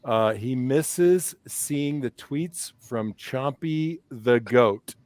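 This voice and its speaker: A man's voice: medium pitch, big pitch swings, extremely slow, few pauses, darkish tone, no room sound. A man co-hosting a casual sports talk show, a former player given to joking, teasing banter. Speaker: co-host, former football player.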